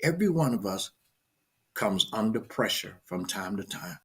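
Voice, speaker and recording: A middle-aged pastor preaches a casual morning livestream sermon, welcoming viewers by name and veering from loud shout-outs to soft storytelling. His slightly rough voice is on the low side, sing-song, at a moderate pace.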